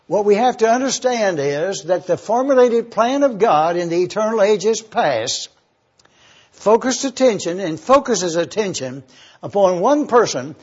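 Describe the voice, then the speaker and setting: A man teaching the Bible verse by verse, deliberate and careful, spelling out words letter by letter. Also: high-pitched, darkish tone, breathy edge, dull audio.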